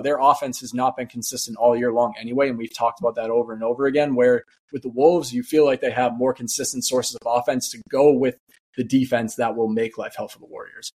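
A man co-hosting a sports podcast, giving rambling analysis full of fillers. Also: mid-range voice. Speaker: podcast co-host. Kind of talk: casual sports chat.

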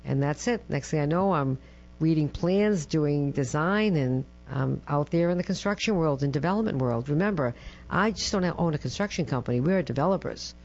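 A woman's voice: deep voice, normal speed. Woman telling stories, lo-fi hum. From Massachusetts. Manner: lively storyteller, acts out quotes, ends phrases with "right?". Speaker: guest. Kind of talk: interview storytelling. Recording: dull lo-fi with mains hum.

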